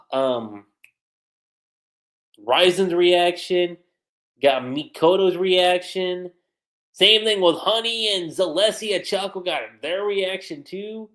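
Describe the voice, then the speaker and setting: A man giving casual livestream commentary as a manga reviewer, chatty and animated. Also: fairly high pitch, roomy sound. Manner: animated, chatty, frequent laughter and fillers.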